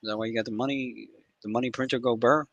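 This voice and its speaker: A man hosting a live trading stream, talking in casual, profane banter with sudden loud outbursts. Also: medium pitch, steady tone, fast, no room sound, rough recording. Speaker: livestream trading host. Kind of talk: casual livestream chat.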